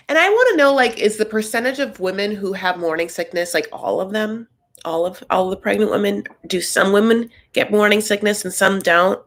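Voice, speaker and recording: Woman rambling thru a live recap chat, jumps way up high when excited, mid pitch voice. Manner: chatty, tangential, animated with sudden high jumps. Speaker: host.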